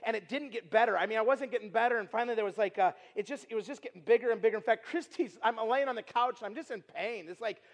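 A man preaching a sermon as a traveling evangelist, telling a personal story in a conversational, animated way with filler words and loud emphatic moments. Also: high voice, fast, hardly any pauses. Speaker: itinerant preacher. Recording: long reverb from a large hall.

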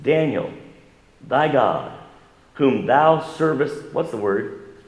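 A male pastor preaching a sermon in a casual, conversational way. He often asks the congregation questions and pushes his voice higher and louder to stress a point. The sound is roomy, with the long echo of a church hall. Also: expressive, slow. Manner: rises in pitch and volume for emphasis. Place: church sanctuary.

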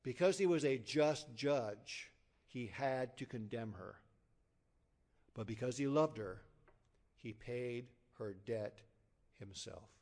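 A man preaching an evangelistic sermon, emphatic and storytelling, swinging from loud declarations to hushed low endings. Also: slow pace, long pauses.

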